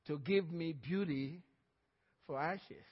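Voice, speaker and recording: A man's voice: a little high, takes it slowly, husky, pitched below the performer's own voice. A man preaching in a church voices a blind beggar who cries out and pleads insistently to be healed. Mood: pleading. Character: blind male beggar crying out desperately. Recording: dull, echoey church hall.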